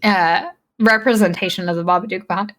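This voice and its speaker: A woman's voice: mid-range voice, steady tone, fairly quick, fairly bright tone. Woman podcast host walking through a movie plot, chatty, lots of um and like. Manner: chatty recapping, many fillers. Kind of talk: casual film recap.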